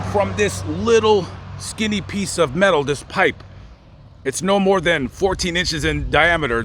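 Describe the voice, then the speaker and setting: A man's voice: a little high, a bit bright, slight background noise. A man hosting his own channel, telling a true story on location outdoors. He talks in a casual, conversational way, with restarts and asides to the listener. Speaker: host.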